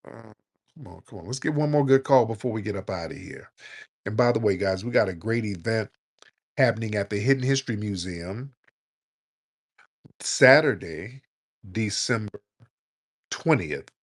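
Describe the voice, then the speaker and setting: A man hosting a call-in show, blunt and joking, scolding his callers in loud, casual talk. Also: fairly low pitch, animated, normal speed, pauses often. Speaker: radio call-in host.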